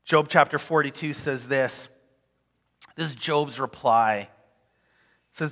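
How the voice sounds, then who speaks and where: A male pastor preaching a sermon in an animated, conversational way. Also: medium pitch, slow, pauses often, in a large hall. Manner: animated, conversational, acts out quotes.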